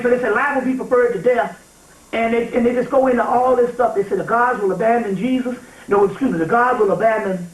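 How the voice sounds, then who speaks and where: A man giving an informal spiritual lecture to a live audience, animated and emphatic, often checking in with his listeners. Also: high voice. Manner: animated and emphatic, often asks "you see what I'm saying?". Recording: echoey room, taped from far off.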